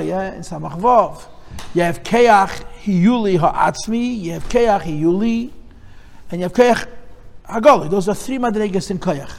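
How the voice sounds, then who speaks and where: A man's voice: sits high, big-room sound. A male teacher giving a lesson on Chassidic texts. He explains step by step, repeats phrases and mixes in Hebrew and Yiddish terms.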